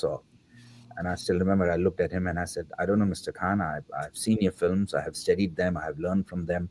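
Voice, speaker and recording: Here a man in his fifties, a guest who makes films, talks fast in a low-pitched, steady, slightly mellow voice. His anecdote is reflective and peppered with filler words, and he voices the quoted lines himself.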